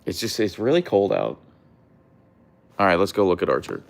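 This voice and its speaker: A man's voice: big pitch swings, moderate pace, vocal fry. A young man hosting a casual livestream from an outdoor deck, chatting with viewers and cooing at his dogs. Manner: chatty, reads out viewer comments; coos to his dogs in a high voice. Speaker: livestream host.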